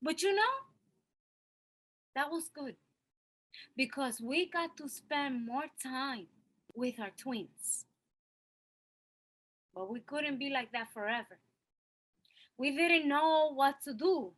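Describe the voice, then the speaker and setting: A woman's voice: sits high, takes it slowly, long pauses, fairly bright tone, low-quality recording. An actress playing a young working mother who speaks in a confessional monologue and slips Spanish words into her English. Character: young working mother, Cristela, holding back tears. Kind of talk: stage monologue acting.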